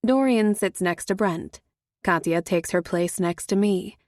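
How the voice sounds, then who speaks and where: A woman reads a first-person thriller in a measured voice with a wry edge. She is recorded on a close mic with a dry, dead sound and no room around her. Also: mid-range voice, a little mellow, no echo. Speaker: audiobook narrator. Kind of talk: first-person audiobook narration.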